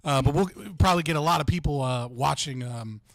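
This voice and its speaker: A young American man hosts a livestream chat, rambling casually and leaning hard on "like." His voice is a little high and gravelly, moving a little fast, captured in a dry, clean studio recording.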